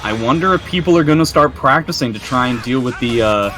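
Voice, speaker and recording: A man's voice: mid-range voice, animated, fast, fairly bright tone. A young man giving analytical play-by-play commentary on a fighting game match, with self-mocking banter. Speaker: esports commentator. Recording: faint music underneath.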